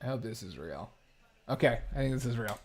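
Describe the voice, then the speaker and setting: A man's voice: medium pitch, animated, brisk. A male host chatting casually while setting up a prank call, giggling and rambling. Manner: giggly, rambling, self-mocking. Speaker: show host. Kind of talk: casual comedic livestream chat.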